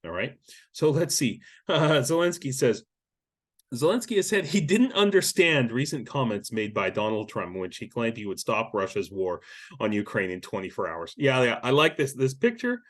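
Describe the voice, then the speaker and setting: A man's voice: mid-range voice, very animated, normal speed. A man giving casual news commentary, blunt and sarcastic, with lots of swearing and frequent restarts. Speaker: YouTube war-news commentator.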